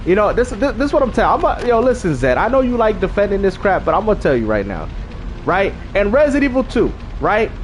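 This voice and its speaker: A man hosts casual gaming commentary in a lively, slangy style, repeating words as he pushes his point. His voice sits high and bounces across a wide range. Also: fast, a little hiss or hum. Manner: animated, slangy, repeats himself. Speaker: gaming channel host.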